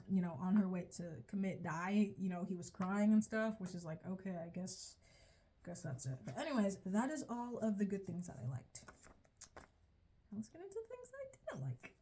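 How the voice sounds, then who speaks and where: A young woman's mid-range, slightly mellow voice carries a rambling, casual, and profane video commentary. Reviewing a show, she often cuts herself off mid-sentence and laughs at herself.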